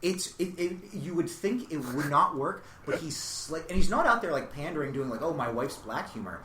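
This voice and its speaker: A man chatting on a podcast as a comedian guest, storytelling in a loose, rambling way full of "like". His voice sits a bit high and sounds bright and forceful. The room has a noticeable echo. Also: normal speed, a little hiss or hum. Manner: rambling, animated storytelling with constant "like". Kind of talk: casual podcast chat. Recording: echoey room.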